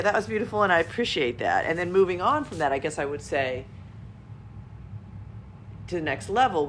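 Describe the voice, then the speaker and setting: A woman's voice: on the low side, fairly bright tone, slight background noise. A woman co-hosting a podcast, talking bluntly and candidly in casual conversation and swearing freely. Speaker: podcast co-host.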